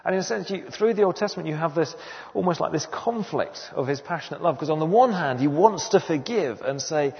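A man's voice: on the high side, animated, a little fast. A man preaching a sermon in an earnest, emphatic way, repeating key phrases for weight. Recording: dull sound with long hall reverb.

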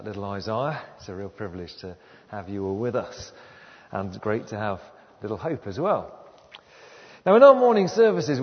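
A man's voice: medium pitch, husky. A man preaching a sermon to his congregation in a conversational way, putting questions to them. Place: church. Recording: dull, distant church sound with long reverb.

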